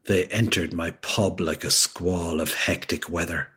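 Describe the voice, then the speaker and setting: A man's voice: deep voice, fairly even intonation, measured pace, fairly bright tone, slightly rough. An Irish man, a guest author, talking wryly in an interview and reading his story aloud. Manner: wry, rambling, mischievous.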